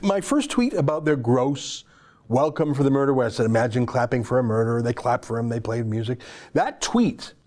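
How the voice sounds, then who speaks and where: A man's voice: medium pitch, very animated, moderate pace, darkish tone. A man hosting an opinion commentary show, delivering a sarcastic, emphatic, heated monologue.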